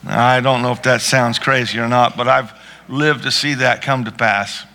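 A man's voice: mid-range voice, steady tone, moderate pace, pushed and bright. A man preaching a sermon with rising fervor, calling out to his congregation and breaking into prayer. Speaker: pastor.

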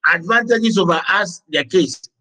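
A man teaching a session, dictating slowly and deliberately with joking asides. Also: high-pitched, bright, forceful tone, poor audio.

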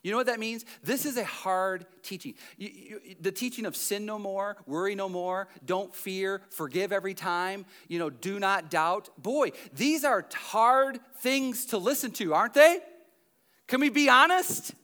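A man preaching a sermon, animated and emphatic, dropping to quiet asides and near-whispers between loud passages. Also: high voice, measured pace. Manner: conversational asides with the congregation.

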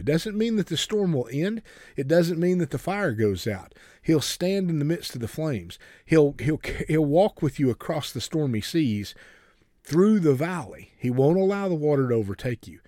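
A man's voice: medium pitch, warm tone, no echo. Folksy earnest preacher man, dry sound. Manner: folksy, earnest, repeats words when starting sentences. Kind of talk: sermon.

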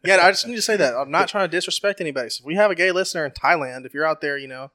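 A man co-hosting a podcast, talking in crude casual banter and laying out long questions loudly with lots of swearing. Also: on the high side, rapid-fire. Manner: loud, profane, lays out questions at length. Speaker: podcast co-host.

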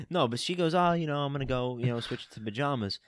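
A young man telling an animated, laughing story in casual chat among friends. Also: mid-range voice, a little fast, slight background noise.

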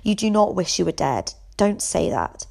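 A woman's voice: fairly low pitch, very animated, moderate pace, gravelly, darkish tone, heavily acted. A woman voicing a blunt, bitter teenage boy in an audiobook, speaking harshly and reproachfully.

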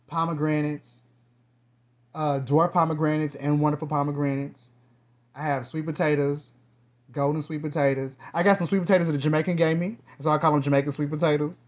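A man hosting his own podcast in a casual, rambling monologue, with lively bursts and quiet trailing asides. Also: on the high side, highs cut off. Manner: chatty, loose, drifts between topics. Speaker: podcast host.

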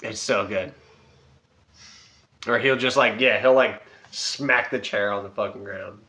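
A young man in casual podcast chat, animated and swearing, jumping high when he quotes himself. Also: unhurried. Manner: animated storyteller, swears a lot, jumps up high in quoted voices. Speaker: podcast co-host. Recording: roomy, dull sound.

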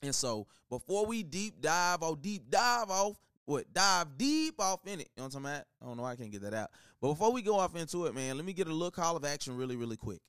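A young man from Texas, hosting a casual solo podcast in a loose, slangy, animated way. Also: a little high, fast talker, hardly any pauses, clear, resonant tone, dry recording, studio quality. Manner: animated, slangy, loose, many "you know what I'm talking about" tags. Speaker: podcast host.

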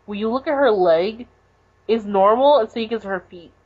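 On a dull lo-fi podcast recording, a woman co-host with a fairly high, slightly rough voice recaps a manga a little fast. Her delivery is rambling and casual, packed with fillers like "like" and "basically."

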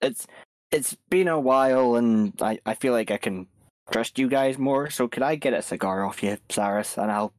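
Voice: medium pitch, expressive, moderate pace, no echo. A player in an online tabletop game, talking hesitantly and stammering in character. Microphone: voice chat microphone.

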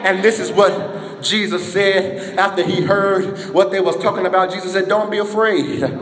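A high-voiced man preaches with fervent call-and-response energy, his rising into exhortation and dropping low to tell the story. The sound rings through a large, echoing church hall. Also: little pitch movement, normal speed, a bit bright. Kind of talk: sermon. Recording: echoey hall.

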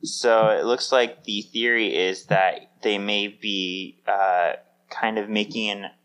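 A man's voice: on the low side, steady tone, slow, fairly bright tone, clean tone. A man co-hosting a podcast in casual chat, talking in an upbeat, chatty way with lots of fillers. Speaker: podcast co-host.

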